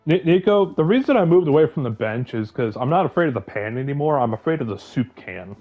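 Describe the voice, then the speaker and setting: A man's voice: a little high, expressive, fast, no room sound, narrow, tinny audio, faint music behind. A man chatting casually about books, laid-back and joking. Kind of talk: casual online chat.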